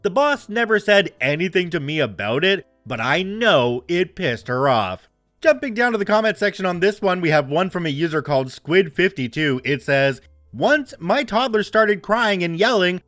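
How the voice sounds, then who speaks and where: A man's voice: sits high, moderate pace, dry recording, studio quality, soft background music. A man hosting a show, reading online stories aloud with playful asides. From Canada. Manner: animated storyteller with playful asides.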